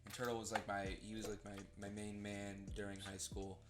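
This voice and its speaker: A man's voice: on the low side, moderate pace, music in the background. A young man co-hosting a podcast, chatting casually and acting out what people said. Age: young adult. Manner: animated storytelling, acts out quotes. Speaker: podcast co-host. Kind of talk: casual chat.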